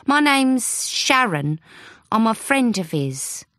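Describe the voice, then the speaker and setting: A woman reads as an earnest young female reporter in an audiobook. She is quick to set things straight and a little flustered. The sound is close and dry. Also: on the high side, sing-song, fairly bright tone, no room sound, voice pushed up, exaggerated voice. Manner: earnest, quick to defend herself. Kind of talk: audiobook character voice.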